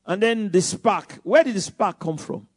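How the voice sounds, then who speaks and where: A man preaching a sermon in a church, animated and full of rhetorical questions and repeated words. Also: high-pitched, normal speed, breathy edge, no room sound, clean studio sound.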